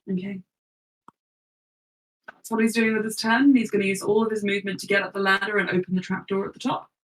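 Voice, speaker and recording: A woman's voice: medium pitch, little pitch movement, brisk, long pauses, distant mic, poor audio. A woman narrating as game master for a tabletop game, chatty and giggly.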